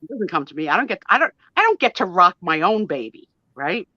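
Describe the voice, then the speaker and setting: Her voice lowish and sharp, a woman in her fifties speaks a little fast and very animatedly as a live chat show guest. She tells her story with gushing emotion, chattiness and mild cursing, captured in a dry, dull, lo-fi recording.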